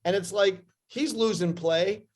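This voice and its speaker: A middle-aged actor telling profane, animated stories in a casual interview, acting out other people's lines as he goes. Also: high voice, measured pace. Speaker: actor guest.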